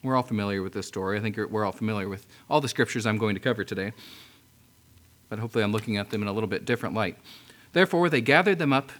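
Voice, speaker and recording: A man preaching, reading scripture verse by verse and explaining it in a conversational way, with frequent throat-clearing. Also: on the low side, very fast, a bit bright.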